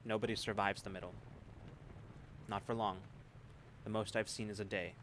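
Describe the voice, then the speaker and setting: Weary, haunted wastelander read by a man, low-pitched, grim, repeats himself. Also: little pitch movement, moderate pace, fairly bright tone, a little hiss or hum, close to an everyday voice. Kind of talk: tabletop role-play voicing.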